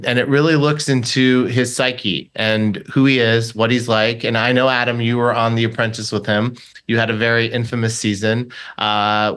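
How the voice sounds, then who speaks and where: Measured man, guest author. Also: medium pitch, a bit bright. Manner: measured, with frequent ums. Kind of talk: interview.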